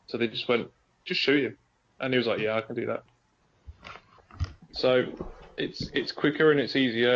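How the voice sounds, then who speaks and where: A man's voice: medium pitch, muffled recording, a little hiss or hum. Rambling man telling stories casually. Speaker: podcast co-host. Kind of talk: casual chat.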